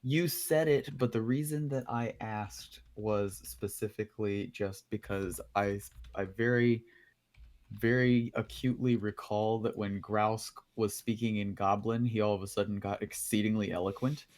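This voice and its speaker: A man's voice: lowish voice, steady tone, measured pace, darkish tone. A man playing a tabletop game, explaining a question in a rambling, stammering way. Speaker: player.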